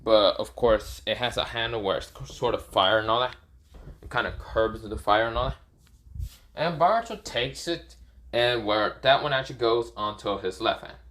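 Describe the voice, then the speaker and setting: A man's voice: medium pitch, normal speed, bright, forceful tone. Rambling man improvising a fan story. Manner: rambling, many fillers and throat clearing.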